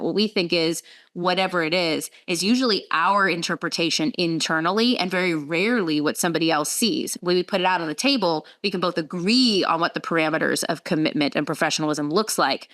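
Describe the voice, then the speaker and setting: Woman, middle-aged, energetic speaker, lower voice, lively quoted dialogue. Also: brisk. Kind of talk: casual talk with stories.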